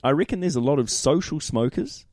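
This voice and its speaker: A man's voice: fairly high pitch, lively intonation, fairly quick, darkish tone, no echo, studio quality. A man co-hosting a casual rugby chat, laid-back and matey, calling his friend "mate". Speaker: podcast co-host.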